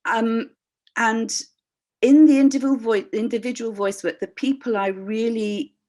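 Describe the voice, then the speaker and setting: An older woman, a voice practitioner and workshop leader, shares personal stories over a video call in a slightly high voice at a moderate pace. She's candid and reflective, acting out voices expressively and often restarting her sentences.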